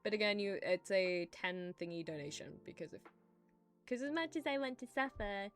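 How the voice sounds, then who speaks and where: A woman's voice: mid-range voice, expressive, moderate pace, faint music behind. A young woman streaming from home, rambling and giggling as she chats, swearing freely. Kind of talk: casual livestream chat while drawing.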